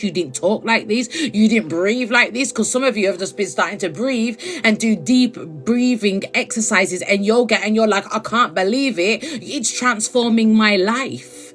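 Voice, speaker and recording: A woman giving spiritual advice on a live stream, chatty and affectionate, checking in with "okay?" again and again. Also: mid-range voice. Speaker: spiritual reader.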